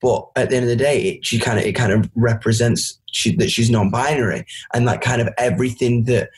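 A man with a Yorkshire accent, a guest musician chatting loudly and casually in an interview, rambling and swearing freely. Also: mid-range voice, fairly even intonation, brisk, breathy edge. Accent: Yorkshire English. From Doncaster, England.

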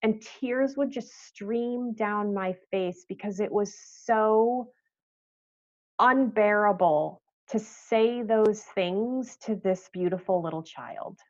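A woman guest on a podcast interview, speaking softly and thoughtfully with pauses and restarts. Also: medium pitch, dull audio. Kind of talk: podcast interview, reflective storytelling.

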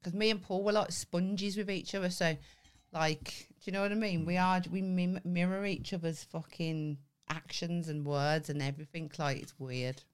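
A woman's voice: on the low side, fairly even intonation, normal speed, smooth. A woman, co-hosting a casual chat over wine, blunt, sweary and teasing. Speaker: podcast co-host.

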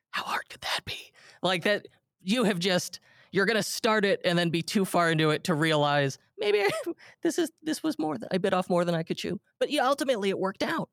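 Male interviewer, fairly high pitch, dry recording, animated delivery. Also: no room sound. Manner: animated, quick to paraphrase the guest. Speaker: podcast host. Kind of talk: conversational interview.

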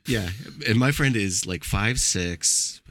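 A man's voice: on the low side, slow pace, a bit bright, slight background noise. A middle-aged man hosting a casual movie chat, telling a story with a lot of swearing and acting out quotes.

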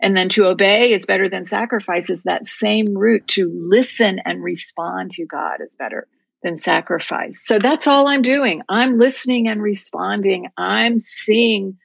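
A woman's voice: medium pitch, unhurried, vocal fry, breathy edge, dry recording, poor audio. A woman guest telling a personal faith story in an earnest, heartfelt, reflective way. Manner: heartfelt, reflective, speaks of prayer and scripture.

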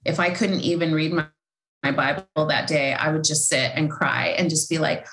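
A woman's voice: deep voice, fairly even intonation, normal speed, a bit bright, roomy sound, poor audio. A woman, an author, talking casually and heartfelt about faith, rambling with many fillers and restarts. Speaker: Christian author and podcast host.

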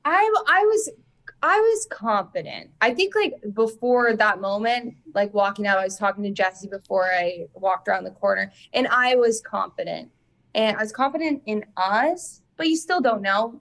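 A woman's voice: medium pitch, creaky, fairly bright tone. Woman, Canadian accent, podcast guest, cheerful, laughs easily. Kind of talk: casual chat interview.

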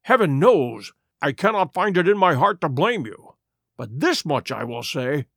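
A man's voice: a little high, sing-song, measured pace, creaky, fairly bright tone, dry recording, studio quality, full character voice. A man voicing a kindly middle-aged male doctor who speaks earnestly and urgently. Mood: sad. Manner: earnest, rising to urgent pleas.

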